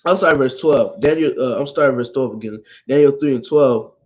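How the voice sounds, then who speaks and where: A man's voice: mid-range voice, a little fast, low-quality recording. A man reading scripture and explaining it in an informal, conversational way, often adding "man" and "all right?" and stumbling over words. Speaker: Bible teacher.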